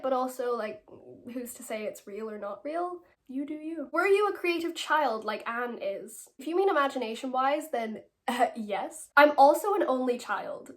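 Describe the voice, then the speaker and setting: Giggly Irish teenage girl, slightly high. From Ireland. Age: late teens. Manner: chatty, giggly, self-deprecating. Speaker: actress answering fan questions. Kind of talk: casual Q&A.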